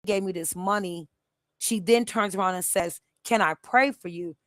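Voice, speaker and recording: A middle-aged woman tells a story on a live stream in a lively, emphatic voice that keeps starting over. She sits close to the mic and the sound is dry, with no room around it. Her pitch sits in a middle range. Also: moderate pace, no echo. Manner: animated, emphatic storytelling with many restarts. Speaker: host.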